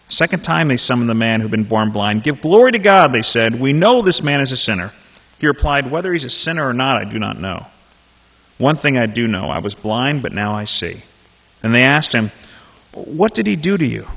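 A man's voice: on the high side, a bit bright, breathy edge. A man leading a Bible study, talking casually and then reading a scripture passage aloud with animation. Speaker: Bible teacher. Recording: dull sound in a reverberant hall.

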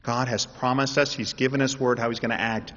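A man preaching a sermon, shifting between explaining and loud, impassioned pleas. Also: mid-range voice, little pitch movement, a little fast. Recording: dull audio in a reverberant hall.

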